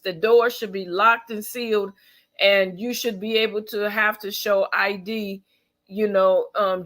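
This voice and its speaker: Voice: mid-range voice, a bit bright. A tired, yawning vlogger gives pointed commentary on news stories. The speaker reads a passage aloud, then stops to react with strong opinions. The talk is emphatic and loose, full of fillers and restarts.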